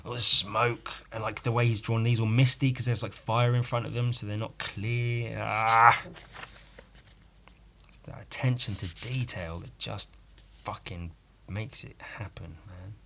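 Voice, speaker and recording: A man with a lowish voice talks on his own in a loose, rambling way, tossing in swear words and jokes at his own expense. His tone is dry and sardonic, in a casual solo-podcast style. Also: fairly even intonation, a little slow, sharp tone, a little hiss or hum. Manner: sardonic, rambling, swears freely, self-mocking asides. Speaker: podcast host.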